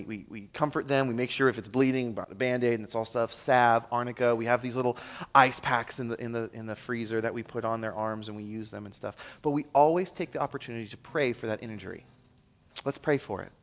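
A man in his thirties preaching a sermon from a church stage. He tells a family story with earnest, excitable energy and laughter. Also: medium pitch.

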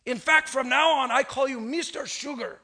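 A man voicing a homeless drunk with slow, slightly slurred speech, blunt and fond. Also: extremely high pitch, bright, forceful tone, a little hiss or hum, voice pushed up, heavily acted.

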